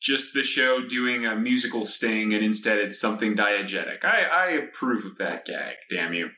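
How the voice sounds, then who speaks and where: A man as a podcast guest, speaking in a measured, analytical way. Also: fairly low pitch, animated, bright, forceful tone, roomy sound, a little hiss or hum. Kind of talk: casual chat.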